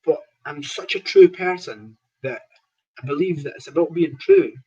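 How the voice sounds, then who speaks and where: A Scottish man with a husky, breathy voice talks through his stories casually. He acts out other people's lines and laughs often. The recording sounds dull and lo-fi. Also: fairly high pitch, normal speed. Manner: animated anecdotes with quoted dialogue, laughs often. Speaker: professional boxer, guest. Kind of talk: casual storytelling interview.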